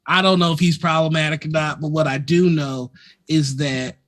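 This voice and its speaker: A co-host on a live stream, ranting fast and animatedly, swearing freely and stumbling over restarts. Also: medium pitch, fairly even intonation. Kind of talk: casual live-stream chat. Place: at home, neighbors heard outside.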